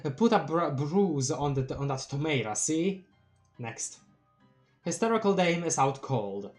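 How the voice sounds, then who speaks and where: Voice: medium pitch, unhurried, faint music behind. A streamer with a Polish accent reading a webcomic aloud on a live read-along, breaking off to react with laughs and exclamations. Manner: expressive, reads captions aloud then reacts with laughs and exclamations.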